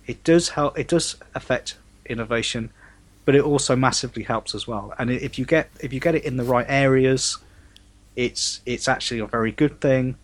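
A man, a guest in a casual political discussion, talking in an animated, conversational way. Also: mid-range voice, normal speed.

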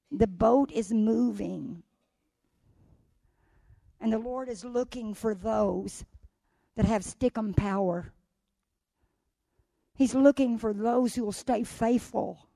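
Older woman preaching with a gravelly voice. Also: a little high, no echo, studio quality. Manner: fervent, repetitive exhortation swinging from hushed to loud. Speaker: guest preacher. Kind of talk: sermon.

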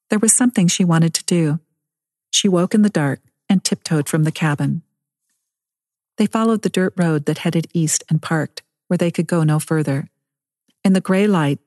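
A woman author reading aloud from her novel in a gentle, calm storytelling manner. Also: low-pitched, no echo, studio quality. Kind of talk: read-aloud narration.

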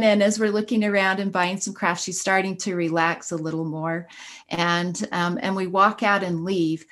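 A woman's voice: medium pitch, level tone, normal speed. A middle-aged woman, a school counselor, telling a personal story in an earnest, encouraging way during a casual podcast conversation.

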